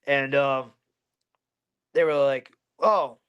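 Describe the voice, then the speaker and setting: A man's voice: a little high, normal speed, a bit bright, dull audio. A man in his thirties from Pennsylvania, a fighter telling a story in an interview, blunt and heavy with swearing.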